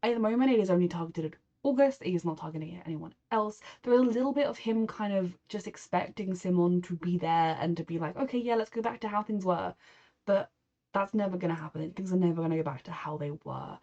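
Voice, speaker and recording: A woman's voice: lowish voice, fast, mellow, lo-fi sound. A woman from England talking through a show reaction, emotional and rambling, slipping into mock voices to quote people. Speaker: reaction video host. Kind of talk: casual reaction commentary.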